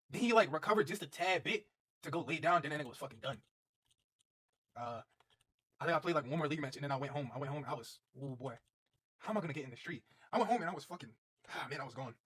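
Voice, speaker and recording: A man's voice: a little high, a bit bright, breathy edge. A young man streaming, telling a rambling, profane story in a casual way and repeating himself as he goes.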